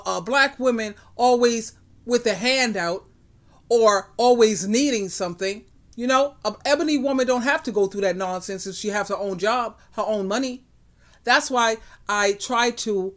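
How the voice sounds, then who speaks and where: A woman hosting a commentary vlog, giving emphatic, outspoken relationship advice. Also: on the high side.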